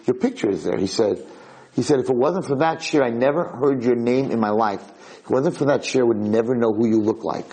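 A middle-aged American man, a rabbi, giving an animated storytelling lecture and acting out the people in his story. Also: mid-range voice, breathy edge, low-quality recording.

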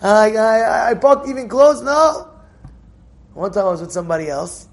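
A man's voice: high-pitched, lively intonation, moderate pace, gravelly, slight background noise. A man giving an informal Torah lesson, telling stories animatedly with repeated phrases and acted-out dialogue.

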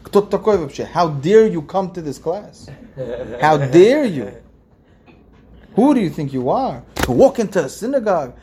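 A scornful, nagging inner tempter voiced by a man fires off accusation after accusation. The voice sits slightly high, with a quick, jabbing delivery. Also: mellow, a little hiss or hum, lightly acted. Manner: scolding, rapid-fire accusations.

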